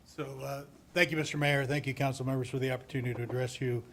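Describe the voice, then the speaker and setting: A man, a judge, giving a formal presentation to a city council, speaking in a measured way with frequent restarts. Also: mid-range voice, level tone, noisy background. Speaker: municipal court judge. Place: council chamber.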